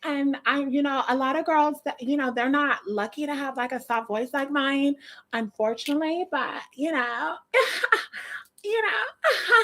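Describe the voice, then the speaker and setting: A soft-spoken woman vlogger opening her video to viewers in a slow, gentle delivery. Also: sits high. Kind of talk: scripted vlog intro.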